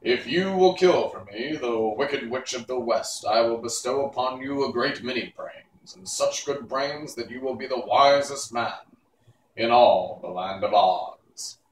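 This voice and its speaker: A man's voice: mid-range voice, a little slow, echoey room, recorded from a distance, a little hiss or hum, lightly acted, poor audio. A man reading aloud and voicing a lovely winged lady ruler who speaks in a grand, cold, demanding way. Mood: imperious. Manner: grand, imperious.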